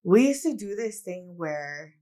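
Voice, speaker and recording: A woman's voice: medium pitch, sing-song, unhurried, warm tone. A woman co-hosting a podcast, talking candidly and reflectively about her relationship in a casual chat, full of "like"s. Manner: candid, reflective storytelling with many "like"s. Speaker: podcast co-host.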